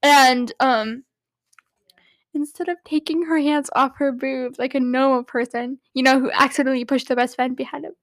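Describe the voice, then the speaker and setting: High-voiced young woman rambling as a fan. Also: steady tone, moderate pace, no echo. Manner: rambling, filler-heavy, giggly; gushing, fannish. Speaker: vlogger. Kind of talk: casual fan recap.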